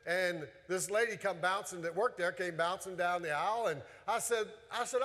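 A man's voice: high-pitched, moderate pace, hardly any pauses, bright, forceful tone. A male pastor preaching a sermon in a church, talking in a conversational, folksy way with many repetitions. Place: church sanctuary. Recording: long hall reverb.

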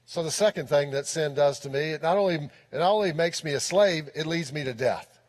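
A man with a notably high voice preaches earnestly from the pulpit, circling back to repeat his key lines. His words ring out with a long reverb through a large church sanctuary. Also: fairly quick. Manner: earnest preaching with frequent repetition of key phrases. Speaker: pastor. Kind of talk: sermon.

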